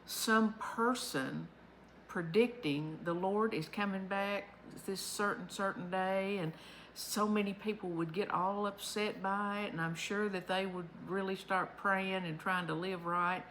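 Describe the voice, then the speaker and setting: A woman talks from her home in a lowish voice, chatty and unhurried as she shares a daily devotional. Faint room ambience sits softly behind her. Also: fairly even intonation, slight background noise, rough recording. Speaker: vlog host. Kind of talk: casual devotional talk.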